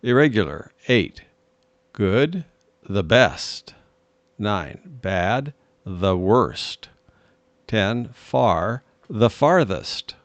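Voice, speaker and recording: A man reads English grammar rules and example sentences at an unhurried, careful pace. His voice sits at a middle pitch and moves up and down a lot. The recording is close and dry. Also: big pitch swings, dry recording. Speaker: English teacher. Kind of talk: slow, deliberate language lesson reading.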